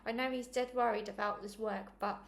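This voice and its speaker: Lady reading a sweet coaxing mum, gentle and a bit high, storybook read-along. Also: fairly even intonation, brisk, gravelly. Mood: soothing. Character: soft, doting, tearful mother.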